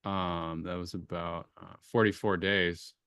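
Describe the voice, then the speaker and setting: A man's voice: low-pitched, little pitch movement, unhurried, fairly bright tone, smooth, no room sound, studio quality. A man hosting a casual chat, talking through a chart he shares on screen, with many fillers and restarts. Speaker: crypto astrology show host.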